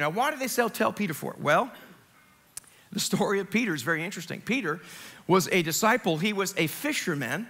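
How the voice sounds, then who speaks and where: High, bright-voiced man preaching. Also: brisk. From Long Island, New York. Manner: animated and conversational, jokes and asides, swings from loud to hushed. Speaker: pastor. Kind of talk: Easter sermon. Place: church sanctuary, live service.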